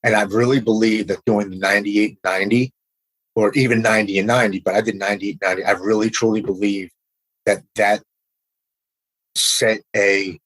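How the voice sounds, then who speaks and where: A middle-aged man speaks in a somewhat low voice as a podcast guest. He tells his personal recovery story candidly and with feeling, and he often says "man" as he goes. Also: fairly even intonation, normal speed, a bit bright, rough recording.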